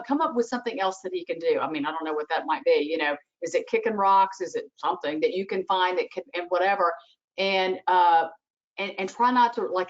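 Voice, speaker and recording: Woman expert on a webinar call, animated, acts out lines to a kid, muffled lo-fi audio. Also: medium pitch. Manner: animated, acts out what she would say to a child. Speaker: webinar expert answering parent questions. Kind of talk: advice in a webinar Q&A. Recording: dull lo-fi video call audio.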